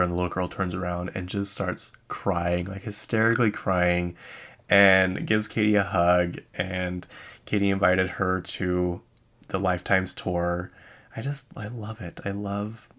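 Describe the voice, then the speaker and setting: A man with a very low voice and a gravelly edge, hosting a podcast in a casual chat. He rambles through the news, wanders into asides and corrects himself as he goes. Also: flat delivery, normal speed, fairly bright tone. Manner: chatty and rambling, with many asides and self-corrections. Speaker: podcast host. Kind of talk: casual chat about pop music news. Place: lives in Utah.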